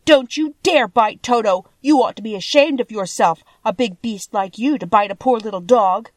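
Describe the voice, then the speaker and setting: A small, fearless girl scolds in a high, loud, sharp voice, as a woman reading a storybook puts her on. The sound is close and dry. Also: sing-song, takes it slowly, dry recording, full character voice. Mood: scolding. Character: brave, indignant little farm girl.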